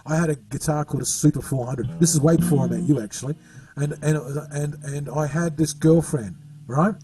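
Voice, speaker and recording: A man telling stories in casual chat as a guest musician, halting and rambling with frequent laughs, heard over a video call. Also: on the high side, recorded from a distance, rough recording.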